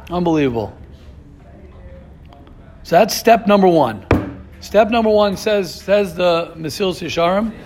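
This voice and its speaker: A man's voice: high voice, a little slow, long pauses, a little hiss or hum. A man teaching an informal Torah class, firing off repeated rhetorical questions and restarting his sentences.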